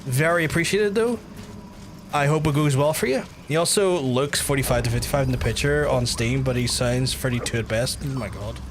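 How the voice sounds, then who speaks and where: A medium-pitched man speaks briskly, close to his mic, with background noise behind him. He's streaming a video game, rambling and cursing in chatty asides to viewers.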